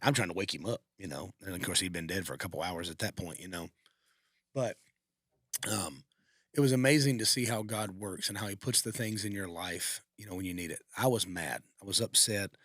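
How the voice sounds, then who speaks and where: Low-pitched and fairly quick, this man's voice has a fairly bright tone in a dry, clean studio recording. As a podcast co-host, he shares a heartfelt personal story casually, wandering emotionally and starting over many times.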